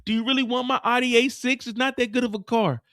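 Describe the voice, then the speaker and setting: A man's voice: very high voice, steady tone, fast talker, a bit bright, no room sound, clean studio sound, pitched above the performer's own voice. A man voicing a frightened young pregnant woman who pleads and rambles nervously in a raised voice. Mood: pleading.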